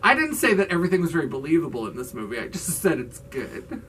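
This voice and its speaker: A chatty, sarcastic man recaps a movie for his video channel, full of asides. His voice sits a little high. He is slightly distant from the mic, over a faint hiss. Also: big pitch swings, fast talker, pushed and bright. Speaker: drag queen video host.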